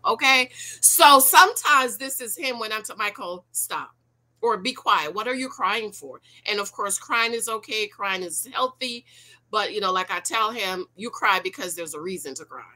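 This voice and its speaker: A YouTube commentator, a woman in her forties, reacts casually for her viewers in a medium-pitched voice. She is animated and preachy, peppering them with rhetorical questions.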